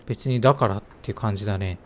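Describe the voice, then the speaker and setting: A man hosting a let's play, quickly reading and translating game lines and thinking aloud in muttered asides. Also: on the low side, a little hiss or hum.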